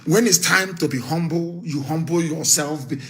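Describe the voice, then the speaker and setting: A man's voice: on the high side, moderate pace, fairly bright tone. Fiery man. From Nigeria. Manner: fiery, scornful and emphatic, with repeated warnings. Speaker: activist leader. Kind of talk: live political broadcast speech.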